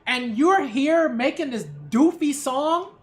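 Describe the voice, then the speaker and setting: A woman who hosts her own channel as a culture critic rants casually about her opinions. Her delivery is emphatic and sarcastic, with frequent rhetorical "right?" check-ins, and her voice sits high and moves slowly.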